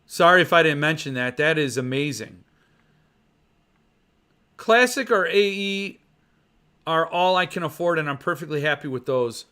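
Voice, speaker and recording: Excitable bright-voiced male host. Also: fairly high pitch, moderate pace, pauses often, clear, resonant tone. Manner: excitable, rambling, gushing. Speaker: podcast host. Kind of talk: casual livestream chat about book collecting.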